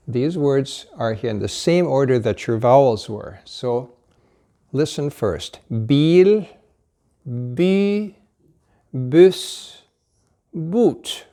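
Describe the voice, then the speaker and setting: A language teacher with a warm, mid-range voice runs a slow pronunciation lesson. One at a time, he models vowels and short words, staying patient and encouraging.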